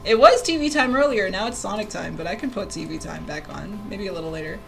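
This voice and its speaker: A woman drawing fan art on a casual livestream, chatting with viewers in an excitable, giggly way. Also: medium pitch, fast talker, creaky, faint music behind, poor audio.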